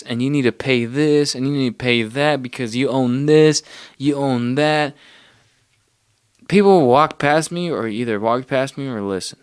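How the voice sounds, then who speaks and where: A man's voice: medium pitch, measured pace, clean tone, no echo, studio quality. A man hosting a podcast, talking in a loose, profane, rambling way and often losing his train of thought. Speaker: podcast host. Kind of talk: casual rambling monologue.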